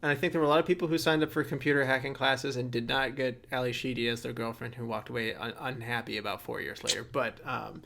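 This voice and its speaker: A man's voice: mid-range voice, little pitch movement, fast talker, gravelly, hardly any pauses, pushed and bright. A man co-hosting a casual movie podcast, joking around and laughing with his co-hosts. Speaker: podcast co-host.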